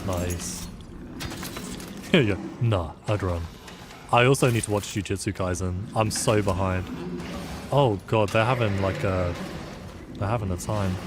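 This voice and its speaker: A man's voice: deep voice, a little slow, pauses often. A man from the UK casually commentating a game as a live streamer, reacting with sudden exclamations and chatting with viewers. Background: game music.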